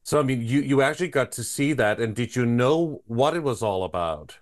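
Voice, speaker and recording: A man hosting an interview, asking measured follow-up questions. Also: mid-range voice, expressive. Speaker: host.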